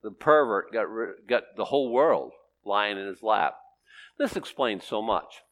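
Older man, pastor preaching, lively pitch swings, loud then hushed delivery. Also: unhurried. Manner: animated preaching, swings between loud emphasis and hushed tones. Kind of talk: sermon.

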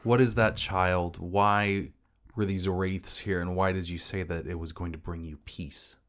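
A man playing a blunt, hard-edged woman adventurer, speaking in his own deep voice. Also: fairly even intonation, measured pace, a bit bright. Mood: demanding.

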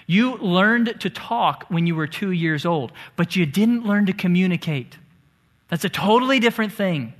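A man's voice: high-pitched, expressive, moderate pace, a bit bright. A married man preaching a sermon in church, emphatic, sometimes dropping to a near-whisper on key phrases. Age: adult, married. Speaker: pastor. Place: church sanctuary.

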